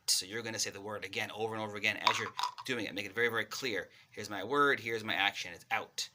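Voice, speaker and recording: A man's voice: fairly low pitch, quick pace, background noise. A man who works as a speech pathologist, giving parents a casual, friendly lesson and acting out playtime with toys. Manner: friendly, animated demonstrations with toys. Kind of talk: casual instructional talk to parents.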